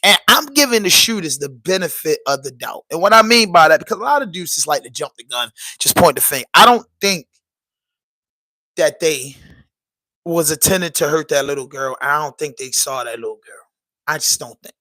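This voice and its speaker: A man's voice: on the high side, animated, normal speed, sharp tone, dry recording, poor audio. A man hosting his own podcast vlog from home, chatting casually and rambling straight to his viewers. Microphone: portable camera.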